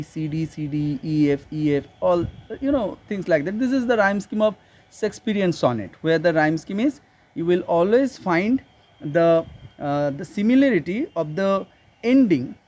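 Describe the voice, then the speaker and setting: A man with an Indian English accent and a fairly high voice talks through a literature lesson. He pauses on fillers and restarts his phrases, explaining step by step. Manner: hesitant, repeats himself with many fillers. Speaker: teacher. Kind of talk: casual online literature lesson.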